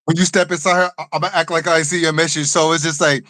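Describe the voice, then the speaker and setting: A man hosts a casual live stream in a loose, easygoing way and greets viewers by name. His voice is slightly high. The sound is dry, with no room echo. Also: level tone, fast talker, few pauses, sharp tone.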